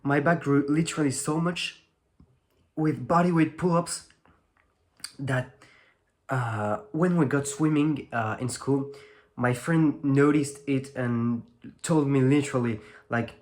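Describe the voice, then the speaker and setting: A teenage French guy talks to the camera in English with a clear French accent, his voice at an ordinary middle pitch. He rambles loosely, stacking fillers and restarting his sentences as he goes. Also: unhurried. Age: teens. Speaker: fitness vlogger. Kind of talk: casual talk to camera.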